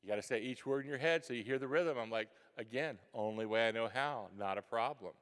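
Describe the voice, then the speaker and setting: A man telling a childhood story to a school audience, animated and acting out his younger self with gasps and whispers. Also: mid-range voice, fairly quick, smooth. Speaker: guest author speaking to a school. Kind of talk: storytelling talk to students. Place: large hall, school event. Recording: long hall reverb.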